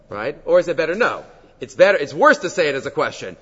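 Man, fairly high voice, Talmud class teacher, animated and full of fillers, dull recording with long hall reverb. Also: fast talker, breathy edge. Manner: animated, mixing Hebrew and Aramaic terms, frequent fillers.

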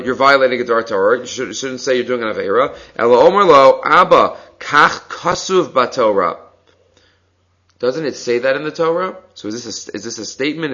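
A man's voice: mid-range voice, bright, forceful tone. A man teaching a Talmud class, reading Aramaic lines aloud and explaining them in casual English. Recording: slightly dull lo-fi recording.

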